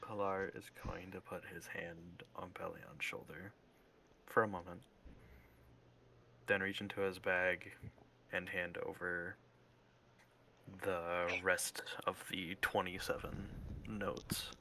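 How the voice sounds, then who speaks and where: A man describing his character's actions in a tabletop game in a measured way. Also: deep voice, level tone, vocal fry, bright, forceful tone, slight background noise. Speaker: player.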